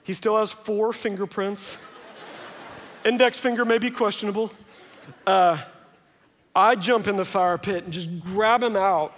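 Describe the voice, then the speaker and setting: Thirties male pastor, bright high voice, lively sermon storytelling with jokes, big echoing hall. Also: unhurried, long pauses. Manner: lively storytelling with joking asides. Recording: long reverb of a large hall.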